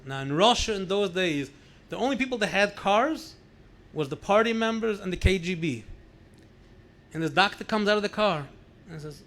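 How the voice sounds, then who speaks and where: A New York rabbi in his sixties tells stories at a gathering, his high voice moving at a normal pace. He's animated, acting out the dialogue and slipping in Yiddish phrases.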